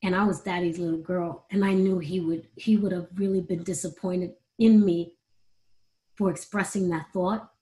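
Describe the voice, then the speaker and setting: Middle-aged woman, candid interview guest, emotional and quick to laugh. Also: fairly low pitch, fairly even intonation, dark tone. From United States.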